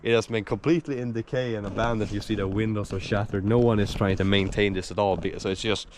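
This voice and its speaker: A man's voice: lowish voice, fairly even intonation, fast talker, slight background noise. A young man narrating his vlog to a handheld camera, chatty and rambling with plenty of fillers. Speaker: vlogger.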